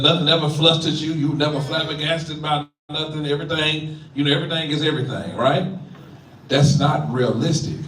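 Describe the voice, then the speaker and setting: A man's voice: on the high side, fairly bright tone, slight background noise. A middle-aged man, a pastor, giving a preacherly community talk, stammering and checking in with "right?". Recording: echoey room, mic from far off.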